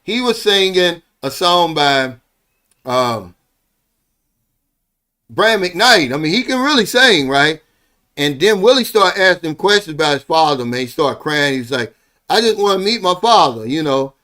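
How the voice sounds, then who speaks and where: A man's voice: on the high side, animated, unhurried, pauses often, pushed and bright. A middle-aged man telling a heartfelt story in a rambling, casual monologue, ending many phrases with "man". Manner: heartfelt, earnest. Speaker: vlogger living abroad.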